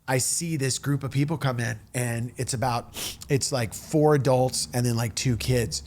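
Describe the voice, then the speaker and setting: A middle-aged man telling a personal story in a casual, animated way, acting out the people in it. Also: mid-range voice, moderate pace, slight background noise. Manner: animated, acts out quoted voices.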